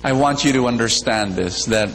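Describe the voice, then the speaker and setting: A mid-range, slightly bright male voice preaches at an ordinary pace in a large church. His sermon uses repetition, questions aimed at listeners, and a fable, heard through lengthy reverb and a faint hum.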